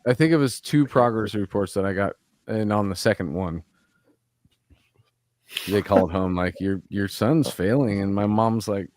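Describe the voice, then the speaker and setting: A man with a lowish voice chats casually, swearing and tacking "dude" onto his sentences. The sound is close and dry, with no room echo. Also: normal speed, a little mellow. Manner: profane, says "dude" a lot. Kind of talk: casual chat.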